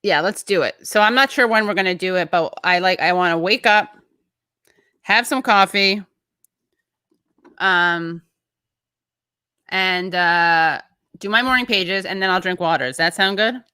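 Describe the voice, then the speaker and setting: A woman's voice: fairly low pitch, unhurried, pauses often, pushed and bright, clean tone, no room sound, clean studio sound. A woman hosting a casual show, chatting loosely, breaking off mid-thought and reading out viewer comments. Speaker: show host.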